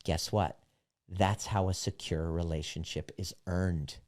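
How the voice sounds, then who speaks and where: A man's voice: low-pitched, steady tone, unhurried, a little mellow. A man, a relationship coach, tells a candid personal story and draws earnest lessons from it, blunt and emphatic and swearing freely. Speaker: self-help relationship coach.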